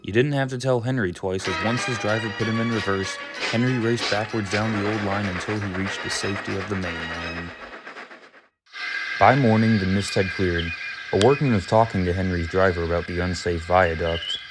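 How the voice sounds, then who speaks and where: A man narrating a storybook tale in a steady, measured reading voice. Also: on the low side, over loud music.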